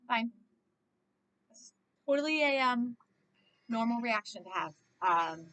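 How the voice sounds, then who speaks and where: A young woman talks her way through a movie in an easy, chatty reaction style. Her voice sits high and bounces up and down. She breaks into quick exclamations, and the recording is dry with no room sound. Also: animated, sharp tone, no room sound. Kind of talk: casual movie reaction commentary.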